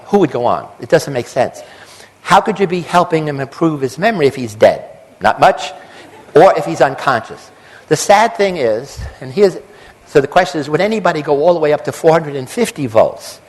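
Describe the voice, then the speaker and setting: A man's voice: on the high side, rough recording. An older man, a psychologist, giving a public lecture with emphatic lists and acted-out quotes.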